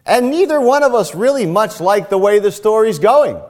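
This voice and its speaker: Older male preacher, high and animated, long hall reverb, emphatic sermon delivery. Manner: emphatic, deliberate, repeats key phrases. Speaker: pastor.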